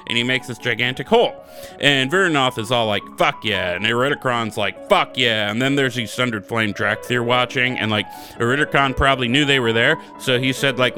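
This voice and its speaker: A man's voice: medium pitch, pushed and bright. A man co-hosting a gaming podcast, rambling through a joking, profane recap in casual chat. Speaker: podcast co-host.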